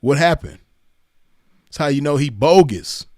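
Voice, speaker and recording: A man's voice: on the high side, animated, a little slow, a little mellow, no room sound. Mocking man with a dry, close sound. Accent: Southern California. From Los Angeles County. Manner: mocking, laughs often, repeats phrases. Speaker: commentary host reacting to clips. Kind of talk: casual reaction commentary.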